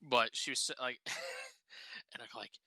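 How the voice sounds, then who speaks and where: A man's voice: medium pitch, takes it slowly, bright, forceful tone, no room sound. A man co-hosting a podcast in casual chat, telling profane, joking stories and acting out the people in them. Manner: profane, joking storyteller who acts out quotes. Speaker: podcast co-host.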